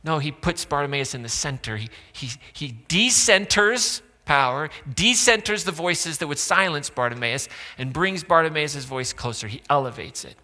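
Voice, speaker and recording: Sarcastic preaching man, bright and reverberant. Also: on the high side, expressive, normal speed, few pauses. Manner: sarcastic, conversational preaching with acted-out quotes. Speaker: pastor. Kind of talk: sermon. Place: church auditorium. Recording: long hall reverb.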